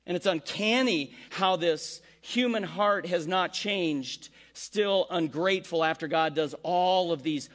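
A man preaching a sermon, animated, acting out the complaints he quotes. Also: high voice, a little slow, few pauses. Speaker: pastor.

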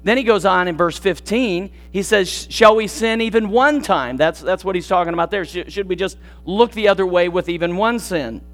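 A man preaching a sermon as pastor, earnest, praying slowly and quietly, then building emphasis as he asks questions and reads scripture. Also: high-pitched. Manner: hushed, slow and reverent in prayer. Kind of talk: sermon with prayer and scripture reading.

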